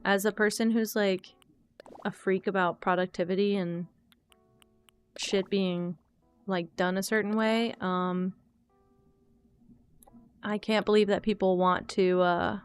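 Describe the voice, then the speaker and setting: A woman's voice: medium pitch, level tone, takes it slowly, pauses often, clean tone. A young woman streaming a game, chatting in a candid, rambling way, thinking aloud and answering chat. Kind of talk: casual live-stream chat while gaming. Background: faint guitar music.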